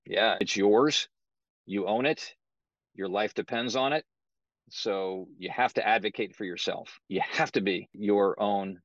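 A middle-aged man speaking as a podcast guest, telling his story in a measured, matter-of-fact way. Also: fairly low pitch, fairly bright tone, dry recording, lo-fi sound. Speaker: guest, author. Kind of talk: podcast interview.

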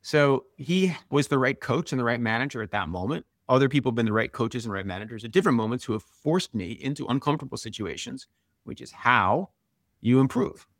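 A man's voice: medium pitch, lively intonation, brisk, no room sound, clean studio sound. A man in his forties, a guest and author, telling stories candidly in conversation, with lots of "like" and "right?". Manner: candid, uses many "like" and "right?" fillers. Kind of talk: storytelling in conversation.

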